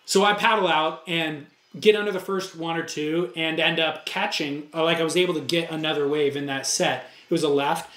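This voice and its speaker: A man with a high voice tells a story on a podcast, with lively, animated delivery. He acts out the dialogue himself in casual chat. The room around him sounds echoey. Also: moderate pace, few pauses. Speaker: podcast co-host.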